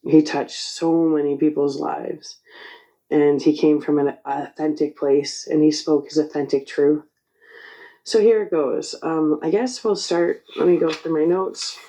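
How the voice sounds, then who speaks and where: Tearful woman with a mellow voice. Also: low voice, rough recording. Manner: choked up, tearful, halting. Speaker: channel host. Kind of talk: emotional spiritual monologue.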